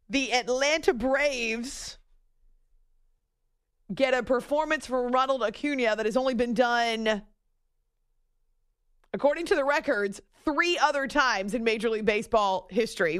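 A woman hosts a late-night sports radio show into a studio microphone. She talks in a loose, chatty way, makes fun of herself and breaks into little giggles. Her voice sits a bit higher than most. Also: a bit bright, clean tone. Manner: chatty, self-mocking, giggly asides.

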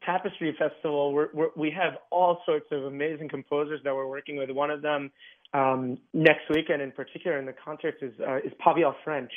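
A man's voice: fairly high pitch, level tone, a little fast. Chatty man on a tinny line. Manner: chatty, many fillers and restarts. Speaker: orchestra guest. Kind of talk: casual radio interview.

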